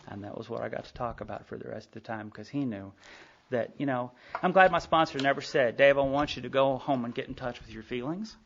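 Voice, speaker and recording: A man shares his story at a recovery meeting in a quick, animated telling full of asides. His voice has a gravelly fry to it. The tape recording sounds dull and lo-fi. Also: mid-range voice, slight background noise. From Sherman, Texas. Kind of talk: personal storytelling talk. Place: meeting hall.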